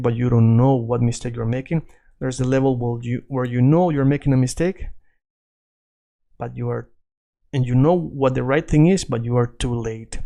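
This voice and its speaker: Mellow-voiced man teaching Spanish. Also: medium pitch. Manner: chatty, self-correcting, repeats points to students. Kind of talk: casual explanatory lesson.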